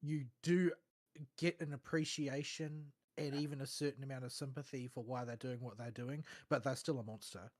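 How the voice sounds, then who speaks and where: A man speaking in casual podcast chat, choosing his words with a measured, articulate manner. His voice sits at an ordinary middle pitch. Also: fairly even intonation, darkish tone. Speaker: podcast co-host.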